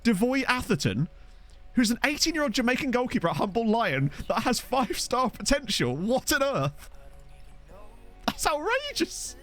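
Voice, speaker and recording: A man's voice: very high-pitched, sing-song, moderate pace, a bit bright, faint music behind. A man casually commentating a football management game on stream, chatting with viewers and laughing often. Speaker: gaming streamer. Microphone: USB desk microphone.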